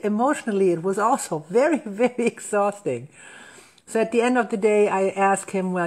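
A woman, a wedding celebrant hosting a casual talk show, telling an anecdote in a lively, self-correcting way. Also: medium pitch. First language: German. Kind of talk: casual storytelling chat.

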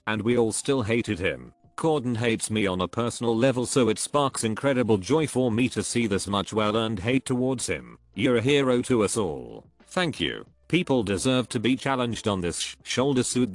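Lowish male voice reading forum posts. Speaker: narrator reading online comments. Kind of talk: read-aloud narration of forum posts.

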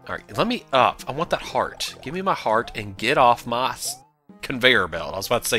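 A young man giving casual let's play commentary, rambling, then shouting at the game and apologizing. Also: fairly low pitch, brisk. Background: game music.

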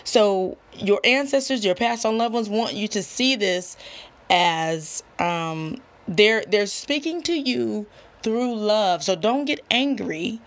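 A woman's voice: medium pitch, expressive, slow. A woman giving a casual tarot reading straight to her viewers, assertive and chatty, often checking in with "okay?". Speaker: tarot reader.

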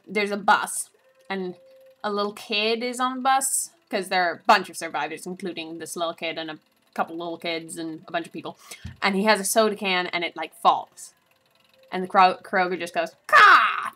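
A woman's voice: lowish voice, bright, forceful tone. A woman vlogger giving a rambling, casual recap of a movie, full of asides and giggles.

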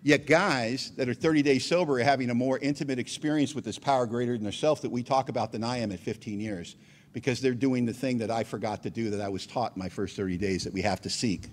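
A man's voice: medium pitch, fast talker, slight background noise. A man speaking at a recovery meeting, telling his own story conversationally with frequent asides. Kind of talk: personal testimony talk.

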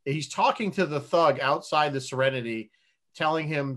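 A man's voice: a little high, moderate pace, fairly bright tone. A man guest co-hosting a podcast, telling stories in a rambling, filler-heavy way. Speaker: guest co-host. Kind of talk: casual chat.

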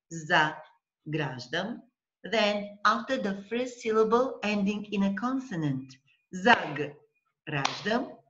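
Slow, patient woman tutoring online. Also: medium pitch, fairly bright tone, highs cut off. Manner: patient, slow, spells out syllables and checks with "okay?". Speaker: language teacher.

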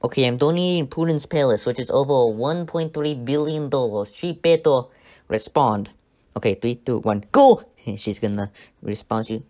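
A man performing a comedic parody skit in a mock dictator voice, with deadpan delivery. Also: mid-range voice, moderate pace. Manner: mock Russian dictator bluster, deadpan jokes. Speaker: comedy streamer.

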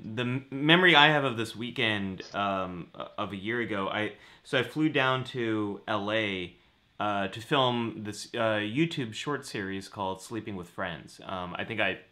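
A man's voice: fairly low pitch, moderate pace, sharp tone. A man co-hosting a casual video chat as a psychologist, talking conversationally with lots of fillers. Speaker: psychologist co-host.

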